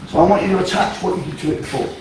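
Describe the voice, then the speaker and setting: A man's voice: high-pitched, rapid-fire, background noise. A man teaching a self-defense class in a training hall, blunt and profane, driving his points home with emphasis. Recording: echoey hall from a distance.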